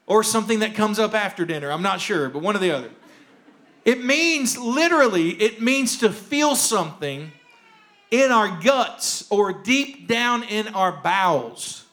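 A male pastor preaching a sermon with earnest emphasis, repeating key phrases and sinking to a soft hush on tender lines. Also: sits high. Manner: jokes lightly with the congregation.

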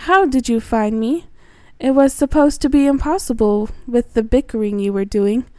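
A woman's voice: a little high, normal speed, darkish tone, no room sound, natural voice. A woman voicing an evil female octopus who rules a kelp forest, talking in a taunting, superior way.

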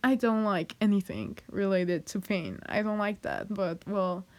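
A young woman speaks to her camera in a confessional vlog, taking her time over every thought. She is hesitant and halting, with fillers and nervous little laughs, and sounds emotional, close to tears. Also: mid-range voice, animated. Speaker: vlogger.

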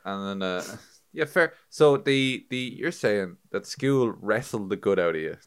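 Lively low-voiced man bantering. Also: measured pace, clear, resonant tone. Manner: crude banter, teasing. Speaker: podcast co-host. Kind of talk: casual chat.

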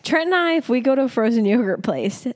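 A woman's voice: on the high side, expressive, fast talker. A woman co-hosting a podcast in casual chat, blunt and emphatic, teasing her co-host.

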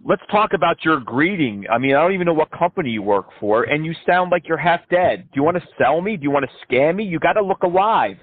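A man's voice: fairly high pitch, animated, fast talker, few pauses, no room sound, phone-quality sound. A man prank-calling scammers, taunting and cursing them with sarcastic jabs. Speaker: scam-baiting host.

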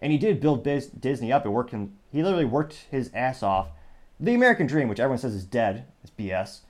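A man hosting a talk show with rambling, sarcastic news commentary. He drifts into asides and corrects himself mid-sentence, in a voice of ordinary middle pitch for a man. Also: a little mellow. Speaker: podcast host.

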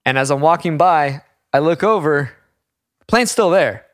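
A young man telling a story in casual chat, animated and profane, acting out the people in it. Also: fairly high pitch, measured pace, dry recording, clean studio sound.

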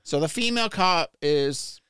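A man's voice: a little high, lively intonation, unhurried, fairly bright tone, clean tone, no room sound, clean studio sound. A man casually telling a personal story, blunt and profane, stammering and repeating words when worked up.

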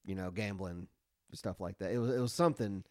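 A man's voice: sits low, a little fast, a little hiss or hum. A man co-hosting a casual sports podcast, laid-back with dry remarks. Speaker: podcast co-host.

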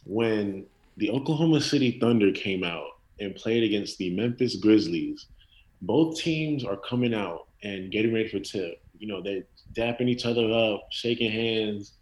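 A man's voice: on the low side, normal speed, a little mellow, poor audio. A man guesting on a casual sports podcast, talking in a loose, slangy, rambling way.

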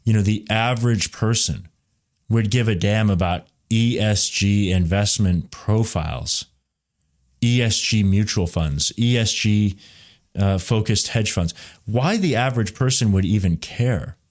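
A man's voice: on the low side, measured pace. A man hosting a solo political commentary podcast, talking in a rambling way with frequent restarts and fillers. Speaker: podcast host.

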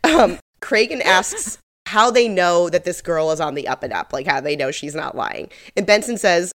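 Chatty woman with a lower voice. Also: sing-song, normal speed. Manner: chatty, full of "like" fillers. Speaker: podcast co-host. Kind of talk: casual recap chat.

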